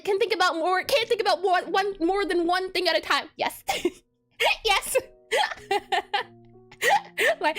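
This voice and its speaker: A woman with a very high voice, chatting through a casual livestream as a game developer. Her pitch swings lively up and down, and she talks in a bubbly way, stumbling into quick restarts and giggling between thoughts.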